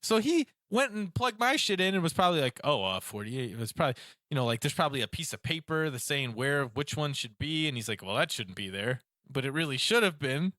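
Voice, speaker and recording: A man on a casual podcast telling an animated, ranting story about phone calls and acting out both sides. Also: fairly high pitch, fast, no echo, studio quality. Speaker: podcast co-host. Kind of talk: casual chat.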